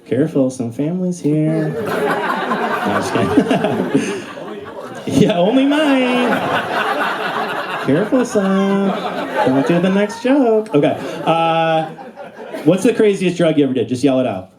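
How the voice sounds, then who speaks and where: A young man performing a stand-up comedy set on a club stage. His storytelling is animated, and he jumps into high, squeaky voices for the characters he acts out. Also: slow, long pauses, a loud crowd, heavy background noise. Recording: live audience laughter throughout.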